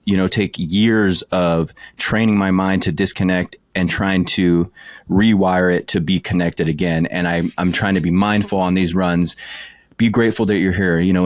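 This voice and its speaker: A man's voice: deep voice, dry recording, studio quality. A man hosting a podcast, talking in a reflective, earnest way with many hesitations. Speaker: podcast host. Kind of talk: reflective interview talk.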